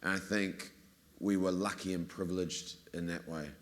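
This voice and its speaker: A man speaking as a film producer on a panel, explaining in an earnest, measured way. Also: deep voice, flat delivery. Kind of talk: panel discussion.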